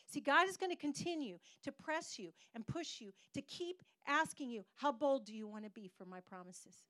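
A middle-aged woman pastor preaching a sermon, telling a personal story in an animated way with pauses for emphasis. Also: high voice, no echo.

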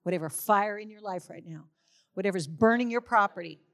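A woman's voice: medium pitch, brisk. Declaring middle-aged woman in church. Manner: declaring, emphatic on repeated words. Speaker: pastor's wife. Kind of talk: sermon.

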